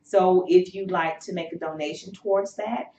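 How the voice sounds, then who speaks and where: A woman's voice: on the low side, steady tone, normal speed, mellow, slight background noise. Encouraging woman host in a roomy, distant recording. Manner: encouraging, faith-filled, many fillers. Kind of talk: health show chat. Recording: roomy, distant, dull sound.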